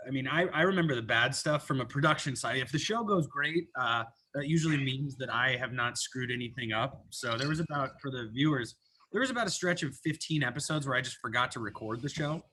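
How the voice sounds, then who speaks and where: A man's voice: mid-range voice, fairly quick, pushed and bright, slight background noise. A man who produces the show, chatting casually and enthusiastically, stumbling over his words as he tells stories. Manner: enthusiastic, stumbles and restarts, laughs while telling stories. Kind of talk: casual chat.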